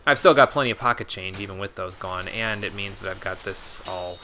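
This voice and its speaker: A gaming streamer with a low voice talks fairly quickly over background noise, reading menu text aloud and chatting casually with viewers in let's-play commentary.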